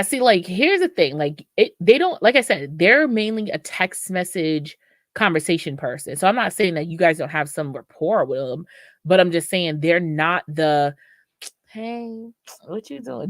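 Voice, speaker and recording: A woman's voice: on the low side, dry recording, studio quality. A woman co-hosting a podcast in casual, frank, slangy chat, often acting out quoted voices. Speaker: podcast co-host.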